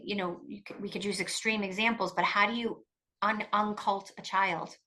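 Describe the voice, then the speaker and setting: A woman's voice: mid-range voice, sharp tone. A middle-aged woman, a guest expert, talking emphatically and animatedly in a conversational interview, often restarting her sentences. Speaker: guest expert on coercive control.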